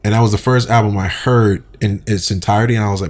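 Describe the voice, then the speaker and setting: Relaxed low-voiced man chatting. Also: fast talker. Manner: laid-back, laughs often, breaks into singing. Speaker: English teacher and podcast co-host. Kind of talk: casual chat.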